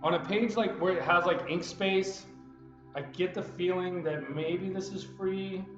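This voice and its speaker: A man's voice: high-pitched, unhurried, fairly bright tone. Chatty man, roomy room, music behind. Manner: chatty, digressive, loose and unpolished. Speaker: real estate group admin making a tutorial. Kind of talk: casual rambling screen-recording vlog. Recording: roomy, slightly dull sound with music behind.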